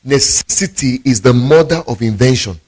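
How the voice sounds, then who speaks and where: A male pastor delivers a sermon with emphatic storytelling. His voice sits at an ordinary middle pitch for a man. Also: expressive, moderate pace, darkish tone.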